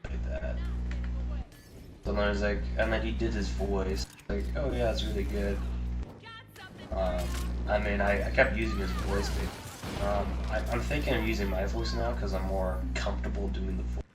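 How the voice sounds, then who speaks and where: Low-voiced male co-host, loose and rambling with casual swearing, distant mic with music underneath. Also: normal speed, echoey room. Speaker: podcast co-host. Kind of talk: casual chat.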